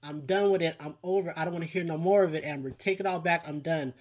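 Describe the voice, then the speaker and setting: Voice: mid-range voice, fast talker. A video host giving casual commentary on a reality show, exasperated and dramatic, sighing often and repeating lines for emphasis. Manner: exasperated, dramatic, with frequent sighs and exclamations; addresses people directly and repeats lines for emphasis. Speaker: TV show reviewer, channel host.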